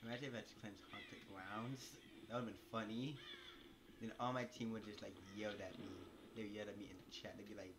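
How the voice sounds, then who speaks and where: Young dude playing a game and reacting out loud, voice all over the place, game sounds blasting behind. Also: male voice, lowish voice, brisk, background noise. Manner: animated, incredulous outbursts, talks to himself. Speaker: gaming video creator. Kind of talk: casual gameplay commentary.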